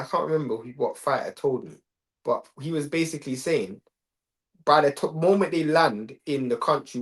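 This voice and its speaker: A young man, co-hosting a live stream and chatting in relaxed, slang-heavy banter. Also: medium pitch. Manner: laid-back slang-heavy talk, switches into patois. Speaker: co-host of a live watch-along stream. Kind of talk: casual banter.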